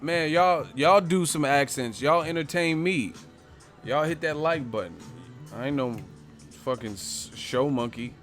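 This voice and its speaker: A man's voice: fairly high pitch, measured pace, fairly bright tone, soft background music. A man hosting a boxing live stream, talking casually and profanely to his viewers with lots of jokes and asides. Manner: loose, profane, joking, talks straight to viewers. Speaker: boxing channel host.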